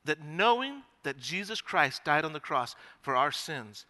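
Bright high-voiced male preacher in a hall. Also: measured pace. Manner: storytelling, animated, swings between loud and hushed. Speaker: pastor. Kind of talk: sermon.

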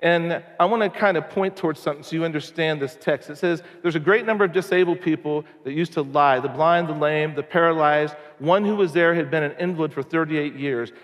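Pastor guy telling stories in a sermon, kinda high voice, big echoey hall. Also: fast talker, few pauses. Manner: storytelling, conversational and animated. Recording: long hall reverb.

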